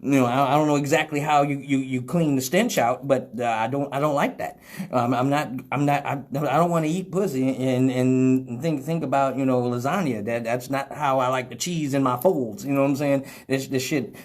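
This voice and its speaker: A man hosting a live show, telling a story in casual, profane talk that swings from loud exclamations to low mutters. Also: normal speed. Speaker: radio show host.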